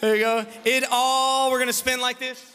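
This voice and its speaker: High, bright-voiced children's preacher in a hall. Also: male voice, little pitch movement, moderate pace, clean tone. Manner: playful, teasing, loud leader of a crowd of kids. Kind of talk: lively children's church service, call and response. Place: large church sanctuary. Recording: reverberant church hall, faint room noise.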